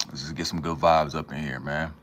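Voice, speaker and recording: Very deep-voiced laid-back man. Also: level tone, a little fast, a bit bright. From Minnesota, USA. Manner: laid-back, slangy, greets chatters by name. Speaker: livestream host. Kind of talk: casual livestream chat with viewers.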